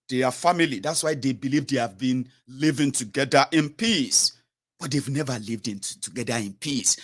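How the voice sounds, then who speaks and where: A man's voice: mid-range voice, a bit bright. A man with a Nigerian accent giving an impassioned political monologue, emphatic and full of fillers and self-corrections. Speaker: political commentator.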